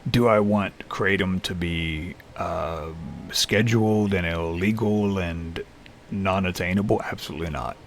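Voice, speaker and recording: A man talking unscripted to camera alone in a small room, tired and halting, with many restarts and fillers. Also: deep voice, a little hiss or hum. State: lethargic, tired. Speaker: vlogger in recovery. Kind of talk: unscripted personal vlog. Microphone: camera facing speaker.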